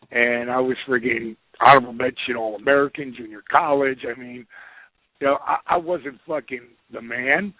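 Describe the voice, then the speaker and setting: A man telling a lively, profane anecdote as a podcast guest, acting out the voices of the people he quotes. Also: mid-range voice, no room sound. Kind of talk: casual anecdote storytelling. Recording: tinny phone-like line, dry.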